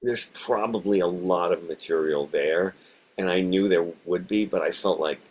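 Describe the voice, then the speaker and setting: A male comedian co-hosting a podcast, talking shop in a casual, halting way and acting out bits in character voices. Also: low voice, a little mellow.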